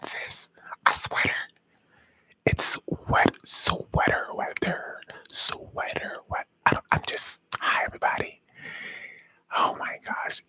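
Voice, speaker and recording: A man's voice: pushed and bright, no echo, rough recording. A man hosting a casual live stream, whispering to his viewers and giggling at himself. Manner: whispering and giggling, self-mocking.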